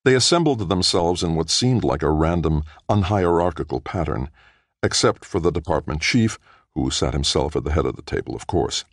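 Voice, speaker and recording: Male audiobook narrator, very deep voice, measured reading, dry close sound. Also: dry recording. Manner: measured, even storytelling. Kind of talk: scripted narration.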